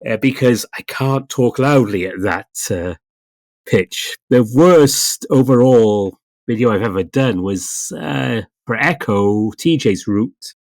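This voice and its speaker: A man speaks calmly as a podcast guest, measured and drily funny. His voice is at an ordinary pitch and recorded close and dry. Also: dry recording. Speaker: guest voice actor. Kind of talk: casual roundtable chat.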